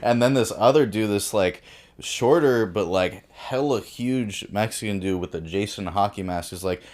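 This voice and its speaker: Laid-back low-voiced man telling a story. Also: moderate pace, a little mellow. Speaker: podcast co-host. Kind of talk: casual storytelling chat.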